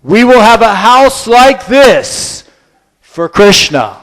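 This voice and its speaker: Guy doing an old holy teacher, slow and weighty, voice swings up and down a lot. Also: high voice, sing-song, fairly bright tone, in a large hall, exaggerated voice, poor audio. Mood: grand. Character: elderly male spiritual teacher, calm and teasing.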